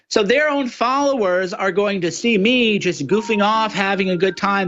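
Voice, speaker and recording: A man's voice: high-pitched, normal speed, hardly any pauses, fairly bright tone, highs cut off. A man guest-hosting a political talk show, delivering a mocking monologue that slips into sneering impressions of his opponents. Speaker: radio show guest host.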